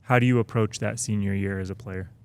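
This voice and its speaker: A podcast host puts questions to his guest in a friendly, easy manner. His voice sits somewhat low for a man. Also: steady tone, a little fast, darkish tone, dry recording. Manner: friendly, brief questions and backchannels. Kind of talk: podcast interview.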